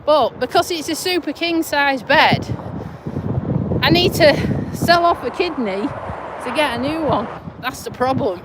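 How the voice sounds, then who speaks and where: A woman's voice: sits high, measured pace. A middle-aged woman chatting casually on a live stream while walking outdoors, self-mocking, swearing lightly and chuckling often, recorded on a phone. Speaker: vlogger. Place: outdoors on a windy walk near roads. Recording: wind and traffic noise outdoors.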